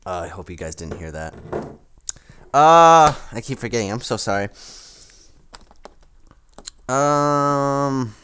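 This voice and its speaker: A man hosting a solo podcast, rambling casually with lots of fillers and quick laughing asides. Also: mid-range voice, sing-song, a bit bright, clean tone. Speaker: podcast host.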